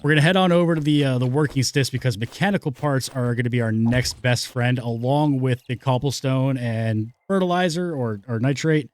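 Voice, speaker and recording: A man casually commentating his own gameplay, rambling and joking to himself with sudden excited whoops. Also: medium pitch, a little fast, hardly any pauses, dry recording. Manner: jokey, rambling, talks to himself and the game; lively swings from mumbles to excited whoops. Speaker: let's play gamer.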